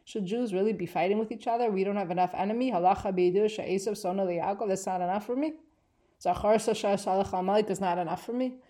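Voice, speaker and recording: A woman teaching a Bible class, reading Hebrew verses aloud and translating them, with an expressive delivery that swings between emphatic and hushed. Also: mid-range voice, fast talker. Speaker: Torah teacher.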